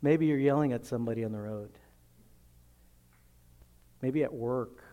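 A man's voice: mid-range voice, unhurried, dark tone, highs cut off. A man preaching a sermon in a conversational way, asking the congregation questions and acting out little scenes. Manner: conversational preaching, rhetorical questions, acts out voices. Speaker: pastor.

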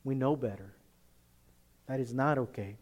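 A male pastor preaching a sermon emphatically, swinging from loud, forceful lines to hushed ones. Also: mid-range voice, normal speed.

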